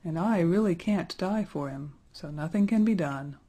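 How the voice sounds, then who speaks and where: A fond, sentimental old nurse from a storybook, put on by a woman reading aloud. She speaks in a gentle, homely way with a low, dark, husky voice. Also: normal speed.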